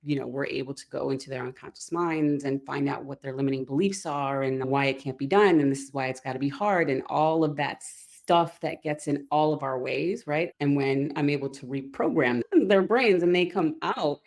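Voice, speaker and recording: A woman's voice: low-pitched, a little mellow. A woman business coach, a podcast guest, talking in an upbeat, chatty way. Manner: upbeat and chatty, often laughs. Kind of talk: casual podcast interview.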